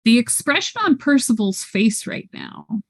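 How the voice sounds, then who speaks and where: A woman narrating a tabletop role-playing game as storyteller, in a measured, descriptive way. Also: on the high side, very animated.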